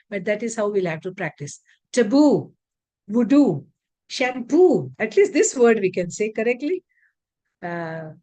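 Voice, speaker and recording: A woman teaching English word stress in an online lecture, reading word lists aloud slowly and deliberately. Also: medium pitch, a little mellow. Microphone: video call.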